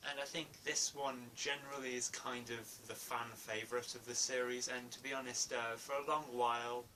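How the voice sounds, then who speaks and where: A man's voice: mid-range voice, flat delivery, moderate pace, sharp tone. A man giving a casual spoken film review, hesitant, with many fillers and restarts. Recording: distant mic, faint room noise.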